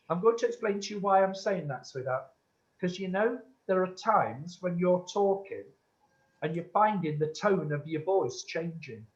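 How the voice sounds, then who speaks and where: A man working as a medium, earnestly answering an audience member's question in a church and calling her sweetheart. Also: high-pitched. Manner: earnest and insistent, calls listeners sweetheart. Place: church hall. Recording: dull lo-fi recording.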